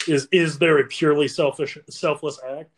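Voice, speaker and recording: Brief: young male podcast host, slightly high voice, loose filler-heavy storytelling. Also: steady tone, moderate pace. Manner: rambling anecdotes, filler-heavy, laughs through stories.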